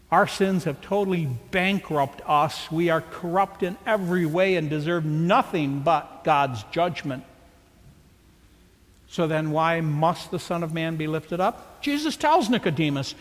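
A man's voice: a little high, slow, big-room sound. A man preaching a sermon with dramatic rhetorical questions. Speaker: pastor.

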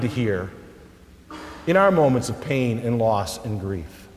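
A male pastor preaching a sermon, swelling loud at high points and dropping soft and low for emphasis. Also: very animated, slow pace, long pauses. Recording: long reverb of a large hall.

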